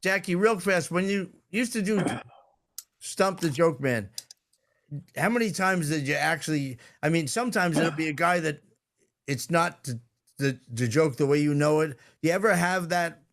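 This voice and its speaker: A man hosts a podcast over a video call, chatting away in a relaxed, self-deprecating manner. His voice sits a bit high for a man. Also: normal speed. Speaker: podcast host. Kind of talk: casual podcast chat.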